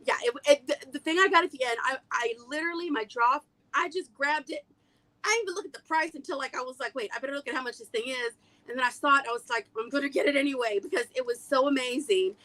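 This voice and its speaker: A woman's voice: high voice, quick pace, pushed and bright. A woman hosting a casual vintage haul livestream, a chatty storyteller who laughs often, on a webcam. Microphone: webcam on a video streaming app.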